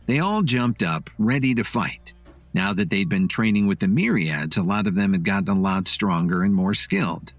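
Expressive man narrating a story. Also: on the low side, moderate pace, no room sound, faint music behind.

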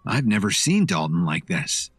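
Man doing earnest loyal young man, calm, explaining, dry sound. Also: sits low, normal speed, breathy edge, dry recording, faint music behind, heavily acted.

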